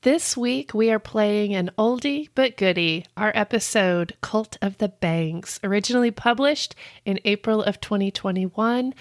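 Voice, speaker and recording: A chatty woman co-hosting a podcast, telling stories in a giggly, animated way. Her voice sits mid-pitch. The sound is dry and close, from a video call. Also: measured pace, few pauses, no room sound. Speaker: podcast co-host. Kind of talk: casual chat.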